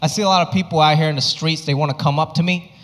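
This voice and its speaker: A man performing a stand-up comedy set, telling stories and acting out his bits with animated delivery. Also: on the high side, very fast, very noisy. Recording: live stage recording in a reverberant hall.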